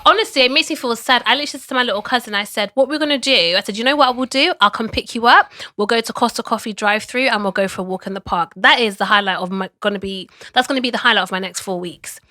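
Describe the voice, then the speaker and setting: A woman co-hosting a casual podcast chat, animated and loud. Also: a little high, racing, hardly any pauses, no room sound. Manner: animated, talks loudly. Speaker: podcast co-host.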